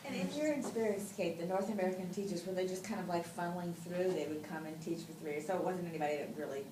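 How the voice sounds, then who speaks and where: A low-voiced woman interviewer asks searching questions quickly, restarting as she thinks. She is far from the mic in an echoey room with noticeable background noise. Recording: roomy distant audio with clear background noise.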